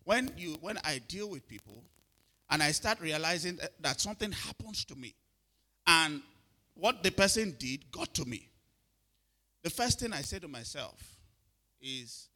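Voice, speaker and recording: A man's voice: high voice, pushed and bright. A middle-aged man preaching a sermon, often asking if listeners are following and repeating his words. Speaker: pastor.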